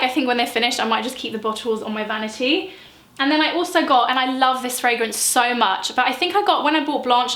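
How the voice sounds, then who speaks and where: Chatty young woman, bright and echoey. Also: on the high side, a little hiss or hum. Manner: gushing, rambling, lots of fillers. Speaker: beauty vlogger. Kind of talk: chatty product review vlog.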